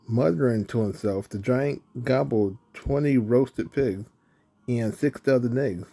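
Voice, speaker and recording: Man, storybook narrator, unhurried, mid pitch. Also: gravelly. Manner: slow, even reading. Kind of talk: storybook reading.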